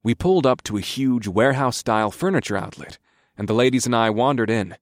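A man narrating a story in the first person in a relaxed, conversational way. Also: mid-range voice, quick pace, no room sound, studio quality. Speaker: audiobook narrator.

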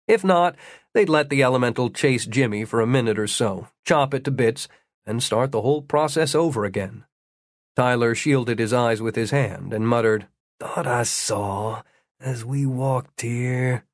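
A man reading an audiobook, telling an adventure story in a measured way with dry humor. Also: mid-range voice, no room sound. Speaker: narrator. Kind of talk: audiobook narration.

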